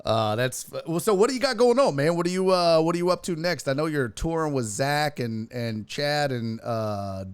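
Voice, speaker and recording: A man's voice: a little high, expressive, moderate pace, few pauses, clear, resonant tone, no room sound. A man hosting a streamed sports and entertainment show, talking bluntly and with profane emphasis in a casual interview.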